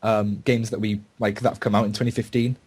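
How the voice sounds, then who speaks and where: A man's voice: on the low side, flat delivery, brisk, a little mellow, slightly rough. A man co-hosting a casual podcast, joking and swearing as he chats over a computer mic. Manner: swearing, joking, laughing often. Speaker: podcast co-host. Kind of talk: casual chat.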